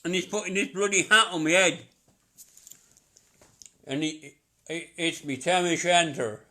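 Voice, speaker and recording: A man's voice: on the high side, a little slow, bright, forceful tone. Chatty, laughing middle-aged male medium. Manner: chatty, repetitive, laughing often. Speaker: psychic medium. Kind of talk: live reading to a sitter.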